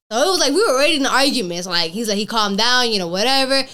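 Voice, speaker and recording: A young woman, a podcast guest, chatting casually and acting out quoted lines in animated stories, laughing often. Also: a little high, fast talker, hardly any pauses. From Cuban family background. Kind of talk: casual chat.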